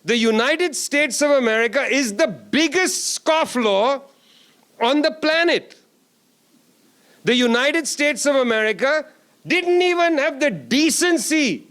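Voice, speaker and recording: Guy with a really high voice giving a fiery political keynote, repeats lines for punch, sarcastic jokes. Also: expressive, unhurried, fairly bright tone. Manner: emphatic, repetitive, sarcastic asides. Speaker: keynote speaker. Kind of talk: political speech. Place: conference hall.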